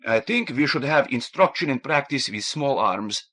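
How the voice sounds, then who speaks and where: A man's voice: medium pitch, expressive, normal speed, pushed and bright, pitched above the performer's own voice. A man voicing a big, bearded male gunner who speaks bluntly and insistently.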